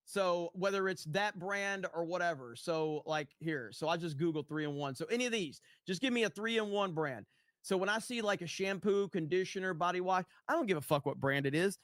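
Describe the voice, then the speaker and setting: A young male streamer talks off the cuff in a fairly high voice, swearing often and wandering between chat messages and personal stories. The sound is close and dry, with no room around it. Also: a bit bright, no echo. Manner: profane, rambling, reads chat aloud. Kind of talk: casual livestream chat.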